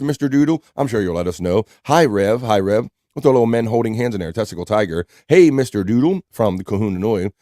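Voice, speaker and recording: Male live-stream host, mid-pitched, dry close mic, casual chat reading viewer comments. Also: darkish tone, no room sound. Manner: reads out chat messages and greets viewers by name.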